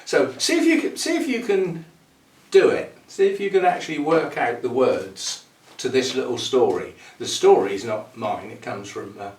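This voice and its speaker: A playful man from the UK rambles casually to his viewers and laughs at his own word games. His middle-pitched voice sounds echoey, as if the mic sits well away from him in an open room. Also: sing-song, normal speed, distant mic. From United Kingdom. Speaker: orchid channel host. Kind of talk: casual rambling chat to camera.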